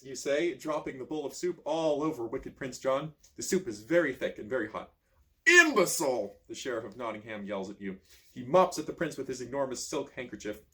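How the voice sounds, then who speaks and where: A man reading a choose-your-own-adventure book aloud, with lively storytelling and casual asides. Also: mid-range voice. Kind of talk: expressive read-aloud narration.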